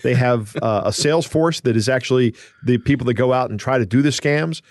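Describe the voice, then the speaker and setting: A man co-hosts a podcast, walking the listener through a story in plain conversational terms. His voice sits at a middle pitch, recorded close and dry with no room sound. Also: fairly quick, a little mellow, dry recording. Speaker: podcast co-host. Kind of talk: casual podcast chat.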